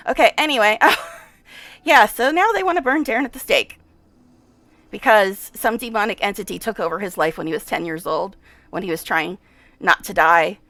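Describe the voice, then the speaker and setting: A woman's voice: mid-range voice, gravelly, fairly bright tone, dry recording. A woman giving casual let's-play commentary and reading game text aloud, distressed and exasperated, sighing and repeating herself. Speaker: game streamer.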